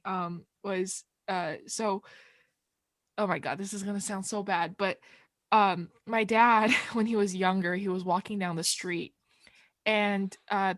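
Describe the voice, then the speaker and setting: A woman who grew up in China, telling a story in casual chat with many fillers and pauses. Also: medium pitch, no room sound, studio quality.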